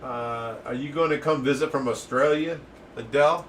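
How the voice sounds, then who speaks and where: A man's voice: medium pitch, moderate pace, recorded from a distance, slight background noise. A man co-hosting a casual live stream from a fish rescue, reading viewer comments aloud between laughs. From Ohio.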